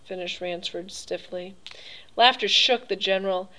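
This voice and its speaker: A woman narrating a story in a measured, even manner. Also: mid-range voice, rough recording. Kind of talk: audiobook reading.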